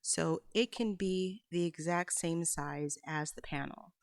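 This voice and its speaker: A woman's voice: lowish voice, slow, no room sound, rough recording. A woman giving a patient, step-by-step sewing tutorial as a voice-over, with small asides as she works. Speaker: quilting instructor.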